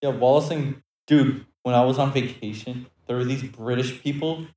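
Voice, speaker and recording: A man's voice: medium pitch, moderate pace, mellow. A young man co-hosting a casual podcast, rambling with lots of fillers and frequent laughs, recorded on a cheap mic. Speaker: podcast co-host. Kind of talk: casual chat. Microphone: cheap microphone. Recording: echoey large room.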